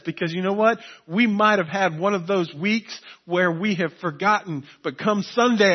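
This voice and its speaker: High-voiced man preaching a sermon. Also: highs cut off. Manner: earnest, repeats key phrases for emphasis. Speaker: pastor.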